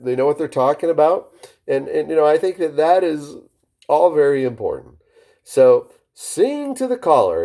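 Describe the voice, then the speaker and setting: Animated, mellow-voiced male phone coach. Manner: varies pitch and speed on purpose, with many restarts. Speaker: network marketing phone-skills coach. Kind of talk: casual instructional talk to camera.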